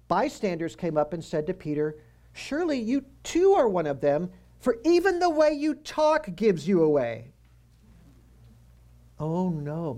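Gravelly man teaching scripture casually. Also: fairly high pitch, a little mellow. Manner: chatty, quizzes the listeners, joking asides. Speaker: Bible teacher. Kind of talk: conversational Bible teaching.

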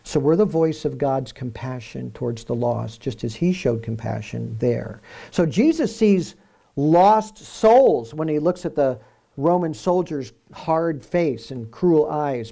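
Guy preaching a sermon, kinda gravelly voice, earnest, says the big lines twice. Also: medium pitch, mellow. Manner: earnest, repeats key phrases for emphasis.

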